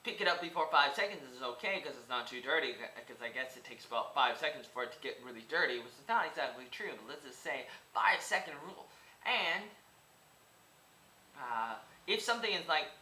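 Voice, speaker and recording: Goofy guy in his 20s rambling on and on, sharp bright tone, kinda roomy echo. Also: a little high, expressive, normal speed. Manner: goofy, rambling, tangent-jumping. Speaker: vlogger. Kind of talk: rambling casual monologue. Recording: echoey room with faint background noise.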